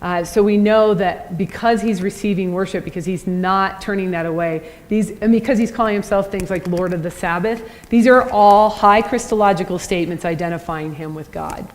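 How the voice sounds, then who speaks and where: Woman, church teacher, conversational lecture, checks in with listeners, mid-pitched voice, reverberant hall. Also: moderate pace, hardly any pauses. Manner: conversational, asks the audience with "right?". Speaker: Christian apologetics teacher.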